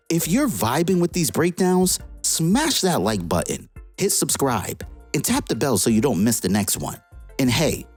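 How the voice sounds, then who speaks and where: A woman reviewing a comic book, who retells the story in an excited, slangy, casual way. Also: a bass voice, husky.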